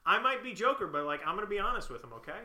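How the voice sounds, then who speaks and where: Lively young man in an echoey room. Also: sits high. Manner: animated, quick to bicker. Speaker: co-host. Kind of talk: comedic banter.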